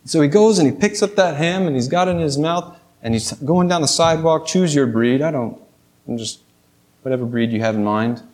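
High-voiced preacher asking rhetorical questions. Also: male voice, brisk, darkish tone. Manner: storytelling, rhetorical questions to the congregation. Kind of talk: sermon.

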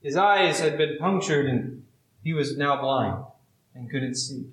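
A man preaching a sermon, reading scripture and then telling a story in a measured, drawn-out way with dramatic pauses. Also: mid-range voice, reverberant, low-quality recording. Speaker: pastor.

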